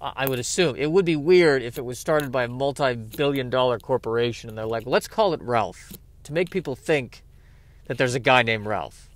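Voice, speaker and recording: A man's voice: mid-range voice, a little fast, no room sound. A man doing a solo comedy podcast monologue, rambling and mocking himself while he struggles to remember a name. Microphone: podcast mic.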